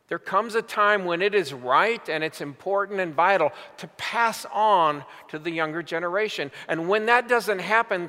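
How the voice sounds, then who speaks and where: An older pastor delivers a sermon, unhurried and emphatic, leaning into his stories. His voice sits high and bright for a man. It rings through a large church with a long reverb.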